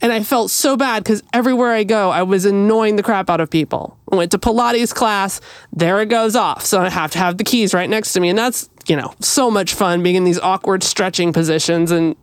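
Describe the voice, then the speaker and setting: A woman's voice: mid-range voice, brisk, no echo, clean studio sound. A woman co-hosting a podcast, telling a story in casual chat and acting out the quoted lines with animation. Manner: animated, acts out quoted dialogue. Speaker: podcast co-host.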